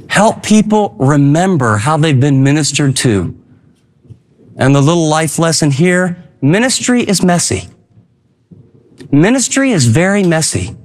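A man preaching a sermon as pastor, passionate, acting out a father urging his children on. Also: high-pitched. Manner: impassioned, acts out an encouraging father.

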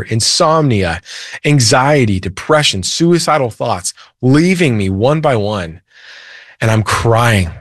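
A man's voice: medium pitch, no room sound, studio quality. A man, a podcast guest, earnestly telling his faith testimony in conversation. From United States. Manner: earnest storytelling, with quoted dialogue and light laughs. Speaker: interview guest.

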